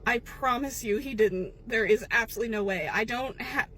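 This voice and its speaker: A woman's voice: a little high, bright, forceful tone, slight background noise. A woman playing a frazzled young sandwich shop worker in a comedy skit, exasperated and incredulous. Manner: exasperated, incredulous, talks fast when upset.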